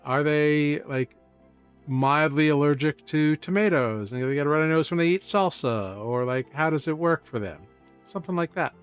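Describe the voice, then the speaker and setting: Chatty game master, fairly high voice. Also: male voice, moderate pace, clear, resonant tone, soft background music. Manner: relaxed, chatty, self-correcting. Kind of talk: casual tabletop game chat. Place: home setup.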